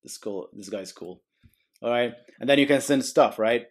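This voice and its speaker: A man's voice: medium pitch, moderate pace. A man hosting a casual coding tutorial, walking through code on screen with jokey asides and frequent "okay?" and "guys". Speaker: programming tutorial host.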